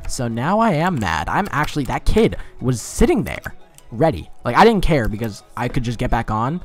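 Guy rambling thru his gameplay, swears a lot, gets flustered easy, middle pitch voice. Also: sing-song, normal speed, faint music behind. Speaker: gameplay commentator. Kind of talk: casual gameplay commentary.

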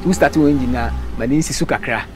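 A man's voice: medium pitch, fast, darkish tone, a little hiss or hum. A man with a Ghanaian accent, explaining car maintenance in a casual, repetitive way, mixing languages. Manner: explanatory, repeats a stock filler phrase. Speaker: mechanic explaining car care.

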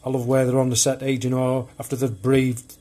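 A man's voice: mid-range voice, completely flat delivery, fairly quick, warm tone. A man casually showing off his film collection on video, chatty and rambling as he talks. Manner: rambling and chatty, loose and unpolished. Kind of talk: casual show-and-tell of home video collection.

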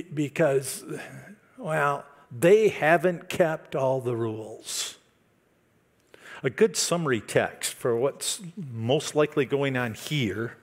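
A male pastor preaching a sermon, building to loud, emphatic declarations. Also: mid-range voice. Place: church service.

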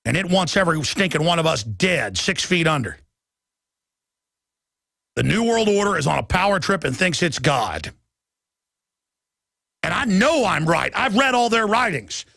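Man, talk radio host, heated ranting monologue, slightly high voice, close dry sound. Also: creaky, no room sound. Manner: heated, emphatic ranting with sudden loud bursts. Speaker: radio and web show host.

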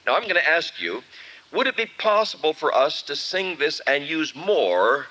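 A man preaching a sermon at a camp meeting and leading the congregation in song, talking expressively with pauses. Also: fairly high pitch. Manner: expressive, leads singing, animated pauses. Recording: dull lo-fi 1970s tape with faint music.

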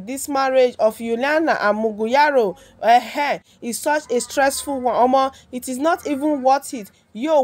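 Chatty Nigerian woman, high and close. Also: dry recording. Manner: animated, chatty, mixing Pidgin and English with teasing exclamations. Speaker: celebrity gossip vlogger. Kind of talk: casual commentary.

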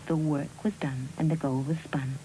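A woman narrating a fairy tale in a measured, expressive storybook style. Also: deep voice, soft background music, rough recording.

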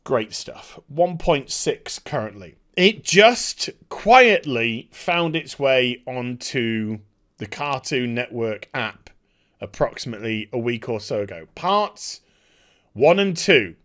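A man's voice: medium pitch, lively intonation, slow pace, a bit bright. Sarcastic man ranting. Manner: sarcastic, exasperated, swears. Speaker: YouTube commentator. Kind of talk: ranting commentary.

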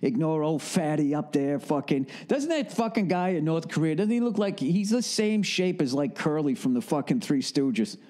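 A man's voice: on the high side, lively intonation, normal speed, few pauses, dark tone. A middle-aged man with a Boston accent, ranting solo as a podcast host in a casual comedic monologue, profane and laughing often. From northern United States. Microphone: studio podcast mic.

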